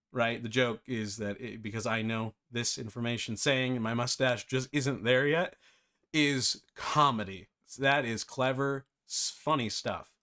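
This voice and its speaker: A man's voice: mid-range voice, sharp tone. A man hosting a live-streamed game development tutorial, chatty and self-deprecating, often breaking into laughter.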